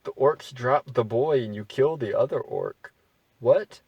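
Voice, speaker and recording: Guy reading out a text adventure, gravelly, kinda husky, dry bemused comments. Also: mid-range voice, measured pace, a little mellow, no echo, far from the mic, highs cut off. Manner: wry, bemused asides between read-out passages. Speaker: gamer playing an AI text adventure.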